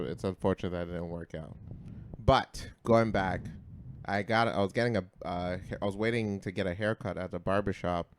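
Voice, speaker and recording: A man co-hosting a podcast, telling a story in a casual chat, dropping to low mutters, then bursting out loud with lots of swearing. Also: clear, resonant tone, no room sound. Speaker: podcast co-host.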